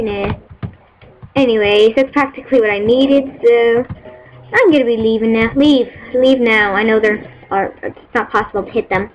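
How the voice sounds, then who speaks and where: A woman casually commenting on her own gameplay, excitable and rambling, squealing and whooping when thrilled. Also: a little high, a little slow. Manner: rambling, many fillers. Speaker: gaming channel host. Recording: dull lo-fi mic with faint hiss.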